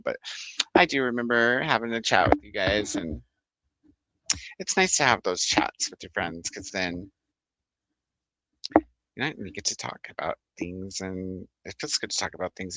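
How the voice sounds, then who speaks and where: A man's voice: low voice, bright, forceful tone, no room sound. A man hosting a book club livestream, chatting casually, rambling, laughing often and reading out viewer comments.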